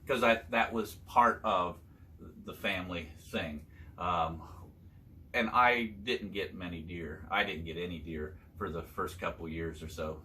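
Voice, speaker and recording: Older dad telling old hunting stories, kinda low but bright voice, lots of uhs, faint hiss behind. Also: male voice. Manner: halting, many fillers and restarts, chuckling. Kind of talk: casual storytelling chat.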